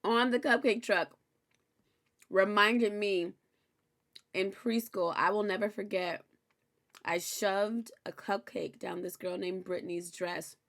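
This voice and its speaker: A young woman hosts a recap in loose, casual chat, candid and animated, with swearing dropped in freely. Her voice sits at a middling pitch for a woman but carries a bright, forward edge. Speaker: host recapping a TV episode.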